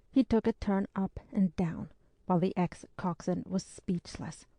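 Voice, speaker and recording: A woman narrating a historical adventure audiobook in a measured, steady storytelling manner. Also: mid-range voice, no room sound.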